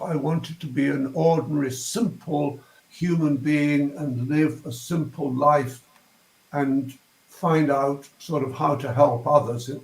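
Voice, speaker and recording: A man's voice: on the high side, echoey room, rough recording. An older man with a posh southern English accent, a guest talking reflectively and searching for words with ums and restarts. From England. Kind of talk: reflective interview talk.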